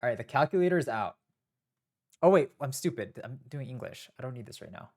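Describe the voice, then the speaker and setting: A man's voice: medium pitch, expressive, a little fast, a little mellow. A young man streaming live, talking casually to himself and his viewers in a nervous, rambling, self-mocking way.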